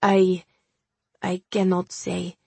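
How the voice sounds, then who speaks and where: Woman reading a worn-out scared clown guy, weak halting voice, kinda raspy. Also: fairly low pitch, completely flat delivery, warm tone, no room sound, full character voice. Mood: weak, haunted. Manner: halting and formal. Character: weary, frightened grown man, a circus clown.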